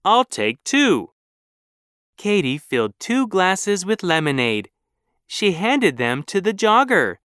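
A storybook narrator reading for learners, clear and measured, with a slow, unhurried pace. The intonation rises and falls in a lively way, and the sound is close and dry. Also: mid-range voice, dry recording.

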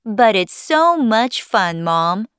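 A woman voicing a young, adventurous boy who is a hair on a man's head, talking in eager, excited bursts. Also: mid-range voice, takes it slowly, clear, resonant tone, no room sound, studio quality.

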